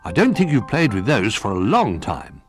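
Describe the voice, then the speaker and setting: A man voicing a gentle, polite female toy zebra in a storybook reading. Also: on the low side, wildly swooping pitch, moderate pace, faint music behind. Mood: kind.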